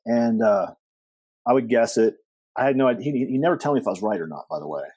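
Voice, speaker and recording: Middle-aged man, rambly storyteller acting out quotes, dry close sound, husky. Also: mid-range voice, fast, no room sound. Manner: rambling with many fillers and restarts, animated quoting. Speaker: podcast guest. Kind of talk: storytelling interview.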